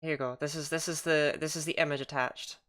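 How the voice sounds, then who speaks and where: A woman's voice: sits low, steady tone, fast talker, fairly bright tone. A woman streaming a game, chatting and reading its lines aloud in a self-mocking way.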